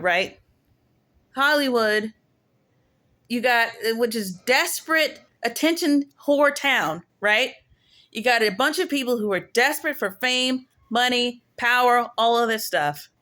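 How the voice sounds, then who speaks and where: A woman with a fairly high voice rants in casual commentary. She is emphatic and slangy and hammers her points by saying them twice. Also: fairly bright tone. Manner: emphatic and slangy, repeats phrases for effect. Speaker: prophetess hosting her own channel.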